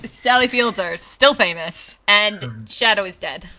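A woman's voice: medium pitch, sing-song, measured pace, music in the background. A woman co-hosting a casual podcast, chatty and hedging, laughing easily. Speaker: podcast co-host. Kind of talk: casual chat.

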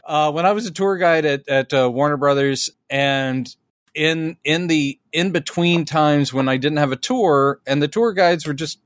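A man co-hosting a podcast, chatting casually and telling stories with lively self-mocking humor. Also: on the high side, unhurried, dry recording. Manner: animated storyteller, laughs at himself. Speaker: podcast co-host. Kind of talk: casual chat.

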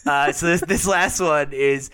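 A young man hosting a casual podcast, laid-back and quick to laugh, with lots of fillers. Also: a little high, fairly bright tone, smooth. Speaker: podcast host.

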